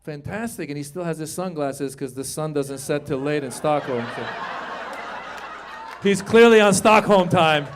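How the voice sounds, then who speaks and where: A man in his fifties performing stand-up comedy, chatting with the crowd and shouting his punchlines. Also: a little high, moderate pace, slight background noise. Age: 50s. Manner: animated, shouts punchlines, acts out voices.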